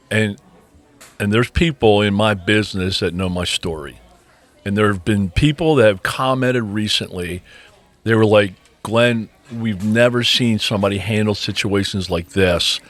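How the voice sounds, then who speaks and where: Speaking at a measured pace in a lowish voice, a middle-aged man co-hosts a podcast from the studio. His talk is loose and rambling, with frequent ums and restarts.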